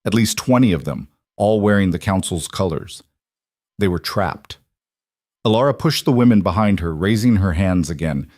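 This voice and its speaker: A man narrating a fantasy romance audiobook in a steady storytelling way. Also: low voice, normal speed, dry recording, clean studio sound.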